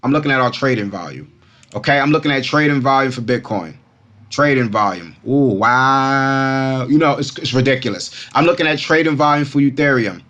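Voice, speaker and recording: The clip is lo-fi: a Brooklyn man with a medium-pitched voice and moderate pace runs a laid-back crypto vlog. He talks animatedly, repeats himself and keeps greeting fans as Kumas.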